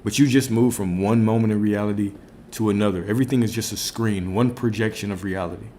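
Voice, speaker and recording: A man's voice: fairly low pitch, fairly even intonation, fast, mellow, slight background noise. A man giving a casual spiritual teaching on a livestream, reflective, repeating phrases and asking his listeners questions. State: a little out of breath. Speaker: spiritual coach streaming to viewers.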